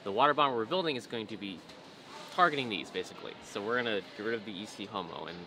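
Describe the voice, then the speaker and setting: A man's voice: lowish voice, animated, fast. A young man hosting a casual workshop vlog, joking offhandedly with friends while building a model plane. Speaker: channel host building an RC plane. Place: indoor workshop. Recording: noisy workshop background.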